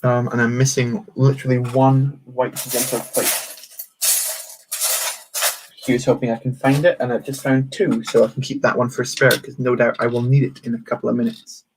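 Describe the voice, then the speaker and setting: A man's voice: mid-range voice, flat delivery, moderate pace, noisy background. A young man chatting casually on a live stream as he builds, reading out chat messages with many fillers and restarts. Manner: rambling, reads chat aloud, many fillers.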